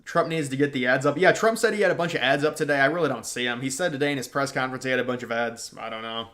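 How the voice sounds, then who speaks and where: A man's voice: mid-range voice, racing, a bit bright. Casual young man chatting on a livestream. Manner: casual, slangy, reacting to chat and trailing off. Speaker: livestream host. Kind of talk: casual political livestream chat.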